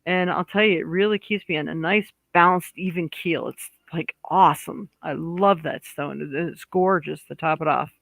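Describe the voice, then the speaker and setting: A man with a high, bright voice runs a casual horoscope card reading, thinking aloud and breaking off to address spirit. His talk is loose, full of fillers and restarts. The sound is close and dry, with no room around it. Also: moderate pace, gravelly, hardly any pauses, no echo, low-quality recording. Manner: chatty, warm asides, talks to spirit aloud. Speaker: psychic card reader.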